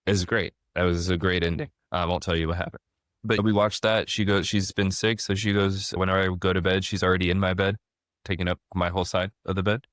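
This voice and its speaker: A deep-voiced man in his thirties hosts a podcast conversation. He tells animated stories and often restarts his sentences. His voice sounds close and dry, with no room echo. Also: brisk. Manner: animated storyteller, frequent restarts. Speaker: podcast host. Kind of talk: casual conversation.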